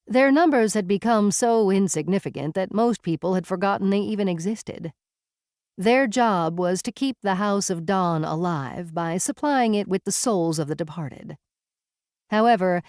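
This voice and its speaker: A woman's voice: mid-range voice, a little mellow, dry recording, clean studio sound. A woman narrating a first-person novel in a wry, conversational manner. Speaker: audiobook narrator.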